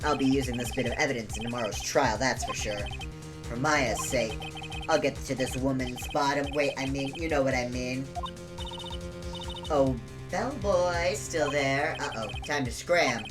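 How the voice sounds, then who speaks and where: A woman's voice: rumbling low, moderate pace. A woman streamer casually reading all the game's dialogue aloud in her own voice, joking between lines. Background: game music.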